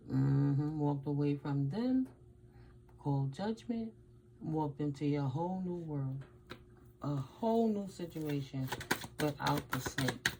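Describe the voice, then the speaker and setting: Blunt gravelly-voiced tarot reader woman. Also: low-pitched, animated, takes it slowly, background noise. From United States. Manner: blunt, emphatic, slips into Spanish words. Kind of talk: casual tarot reading and storytelling.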